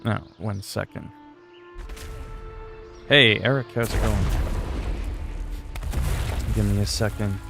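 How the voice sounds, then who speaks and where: Low-voiced man rambling on stream. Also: fairly even intonation, slow pace, vocal fry, pauses often, over music. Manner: rambling, crude joking asides. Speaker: game streamer. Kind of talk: casual livestream chat.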